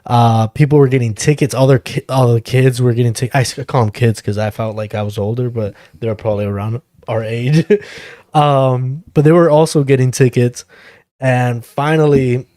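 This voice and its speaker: A young man with a dark, mellow voice spins a casual podcast story, relaxed and loose, cursing freely and chuckling along. The recording is dry and close, with no room sound around him. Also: mid-range voice, no room sound. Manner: laid-back, swears freely, chuckles through the story. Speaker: podcast host.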